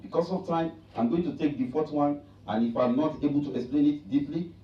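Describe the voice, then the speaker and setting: High-voiced male preacher in an echoey mosque. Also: a little fast. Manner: emphatic, repetitive rhetorical preaching. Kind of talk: Friday sermon. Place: mosque prayer hall. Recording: echoey, distant, dull hall recording.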